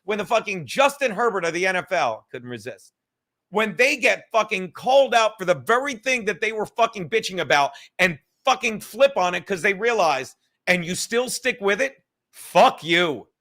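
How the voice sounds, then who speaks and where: A man's voice: sits high, sing-song, moderate pace, sharp tone. A man hosting a podcast, ranting heatedly and swearing constantly while reading out chat comments. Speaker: podcast host.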